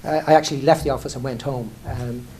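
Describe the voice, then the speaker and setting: Middle-aged Irish man, executive; candid anecdotal delivery, mid-pitched, faint noise underneath. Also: fairly even intonation, fast, darkish tone. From Ireland. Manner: conversational, self-deprecating, frequent restarts and "you know". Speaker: airline chief executive. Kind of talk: candid anecdotal talk on stage.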